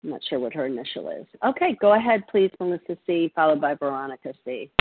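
A woman's voice: sits low, expressive, fast, no echo. A woman chairing an online recovery meeting in a friendly, apologetic, slightly flustered way. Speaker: meeting leader. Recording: tinny phone line with faint noise.

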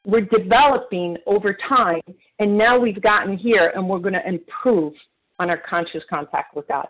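Earnest man sharing over a phone line. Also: high voice. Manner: earnest, halting with many restarts and fillers. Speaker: meeting participant sharing. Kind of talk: recovery meeting share. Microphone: phone call.

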